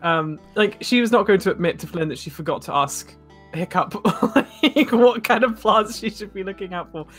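A woman's voice: medium pitch, moderate pace, a bit bright, faint music behind. A woman playing a tabletop game, rambling and giggly, describing her character. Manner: giggly, rambling, often laughing. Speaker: player.

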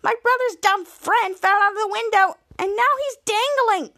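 A woman's voice: very high voice, animated, normal speed, a bit bright, no room sound, studio quality, voice pushed up, heavily acted. A woman voicing a bossy, whiny young girl who pleads and snaps. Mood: pleading. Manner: pleading and snappish.

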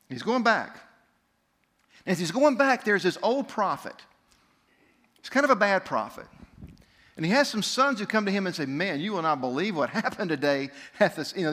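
Male preacher, a little high-pitched, casual storyteller who slips into the voices of the people he quotes. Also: expressive, brisk, fairly bright tone. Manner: conversational retelling, briefly voicing the people in the story; reads scripture aloud with emphasis. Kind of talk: sermon storytelling.

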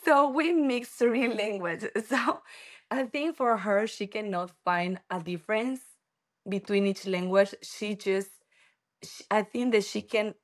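A woman from Ecuador, a native Spanish speaker with a Spanish accent, talks at an unhurried pace in a medium-pitched voice. She's a guest in a casual interview, laughing often as she shares family stories.

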